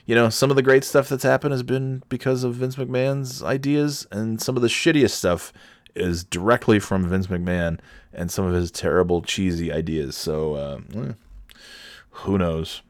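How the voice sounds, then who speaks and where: Laid-back low-voiced podcast host. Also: male voice, normal speed, dry recording, studio quality. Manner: loose, profane, digressive. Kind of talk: casual solo podcast rambling.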